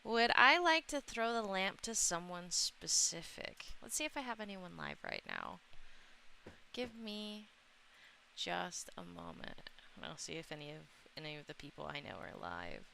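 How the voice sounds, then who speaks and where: Giggly bright-voiced woman streamer. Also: on the low side, wildly swooping pitch, unhurried, gravelly, slight background noise. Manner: giggly, often laughing, emotional. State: a bit under the weather. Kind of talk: casual live-stream chat.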